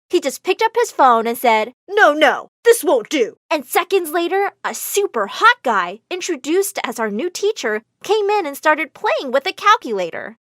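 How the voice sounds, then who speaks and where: Expressive young woman storyteller. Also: sits high, dry recording, clean studio sound. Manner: dramatic, emotional first-person storytelling. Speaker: narrator. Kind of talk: scripted storybook narration.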